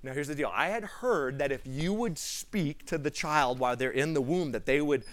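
Young male preacher, fairly high voice, lively storyteller who acts out each scene and drops to a hush. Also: moderate pace. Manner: animated, acts out the people in his stories; laughs between lines, drops to a hushed tone for tender moments. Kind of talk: storytelling sermon.

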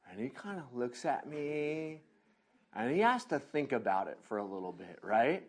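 A man preaching a sermon, telling a lively personal story and then turning quiet and earnest as he preaches. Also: mid-range voice, moderate pace. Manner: animated storytelling, laughing, acting out voices.

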